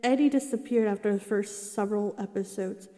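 A woman's voice: medium pitch, brisk, warm tone, in a large hall. A young woman casually reading about an old sitcom and reacting, chatty and exasperated, with many asides. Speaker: vlogger reading and reacting to a show's history.

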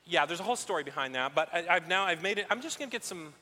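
Pastor doing a keen young guy rambling thru his big plan, high voice, echoey church hall. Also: rapid-fire. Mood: breezy. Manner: excitable, rambling, salesman-like. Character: young man eagerly pitching a risky plan.

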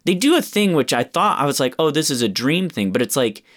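A man's voice: a little high, very animated, brisk, fairly bright tone. A man in casual chat, animatedly ranting about a movie with lots of swearing and acted-out quotes. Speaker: podcast co-host reviewing a film.

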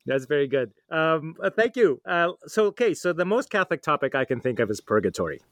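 A man's voice: on the high side, big pitch swings, brisk, fairly bright tone, no echo, clean studio sound. A man hosting a podcast interview, friendly and thoughtful as he asks his questions. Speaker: podcast host.

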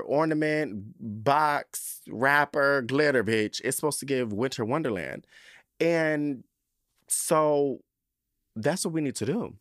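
A man hosting a podcast, telling a story in a campy, profane, animated way. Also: medium pitch, no echo, clean studio sound. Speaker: podcast host. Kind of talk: casual chat.

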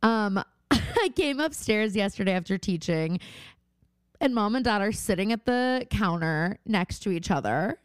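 A woman's voice: medium pitch, a little slow, smooth, dry recording, studio quality. A woman co-hosting a podcast, telling a family story in casual chat, full of "like" and "um". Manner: animated storytelling, lots of "like" and "um". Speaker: podcast co-host.

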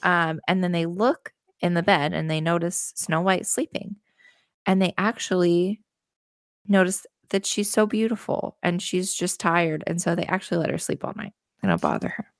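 A woman's voice: lowish voice, animated, moderate pace, dry recording, studio quality. A woman casually retelling a fairy tale as a podcast host, with sarcastic asides and the occasional swear word. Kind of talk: casual storytelling with commentary.

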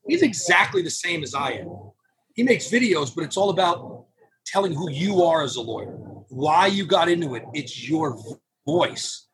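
A man speaking as a podcast guest in casual interview talk, animated and acting out what his clients say. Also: on the high side, normal speed, slight background noise. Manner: animated, acts out clients' quotes. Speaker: podcast guest, phone number business owner.

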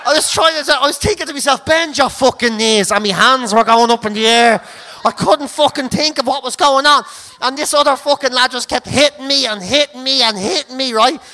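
A man, a comedian telling a sweary story with shouted, laughing bursts. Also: very high-pitched, a little fast. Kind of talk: storytelling anecdote.

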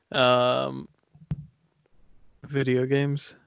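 A man co-hosting a podcast from home, lying back and making wisecracks in a relaxed way. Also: medium pitch, very slow, creaky, clear, resonant tone, no echo, dull audio. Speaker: podcast co-host. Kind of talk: casual chat.

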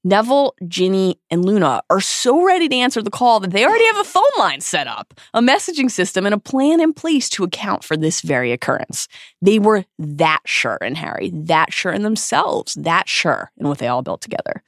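A woman co-hosting a podcast, recapping a book chapter with expressive reading, dramatic emphasis and pauses. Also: mid-range voice, no echo, clean studio sound. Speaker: podcast co-host.

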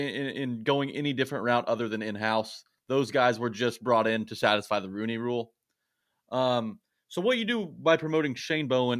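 Male co-host, casual football breakdown, rambling and filler-heavy, mid-pitched. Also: fairly bright tone, dry recording, studio quality. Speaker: podcast co-host. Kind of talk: casual sports podcast analysis.

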